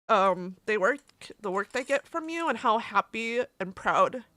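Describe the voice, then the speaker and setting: A woman streamer talks casually to her chat, emotional and candid, swearing freely as she reads messages aloud. Her voice is bright and somewhat high, and the sound is close and dry, with no room around it. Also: expressive, measured pace, no room sound.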